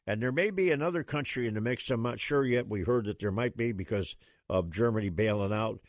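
A man's voice: on the low side, brisk, no echo, clean studio sound. A man hosting a talk radio show, chatting in a plain-spoken, folksy way and often repeating himself.

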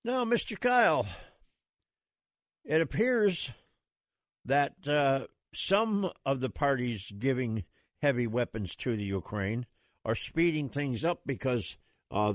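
A chatty man hosting a talk radio show at a mid pitch. His folksy, plain-spoken delivery is recorded dry and close. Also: no echo.

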